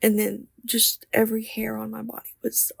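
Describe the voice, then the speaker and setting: A woman's voice: fairly high pitch, completely flat delivery, moderate pace, gravelly, breathy edge, no room sound. A young woman vlogger telling a story in a casual, chatty way while she sketches, often laughing and sometimes dropping to a whisper. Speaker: artist vlogger.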